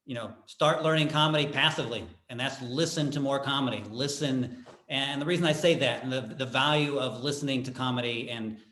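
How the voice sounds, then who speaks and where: Halting man on a roomy call. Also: medium pitch, fairly bright tone. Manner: halting, restarting as he frames a tip. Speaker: panelist. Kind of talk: conference panel talk.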